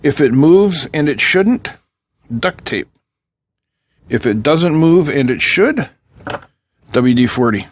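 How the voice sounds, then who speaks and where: A man's voice: on the high side, expressive, slow, long pauses, dry recording. A middle-aged man hosting a casual electronics tutorial at his home workbench, joking and chatting with viewers while he solders and tests a board. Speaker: electronics channel host.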